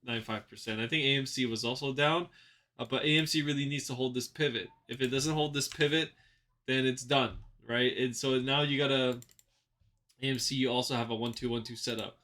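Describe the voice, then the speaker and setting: A man hosts a trading channel and chats loosely through chart analysis, rambling, repeating phrases and leaning on lots of fillers. His medium-pitched voice is steady, fairly quick, bright and forceful in this casual market commentary.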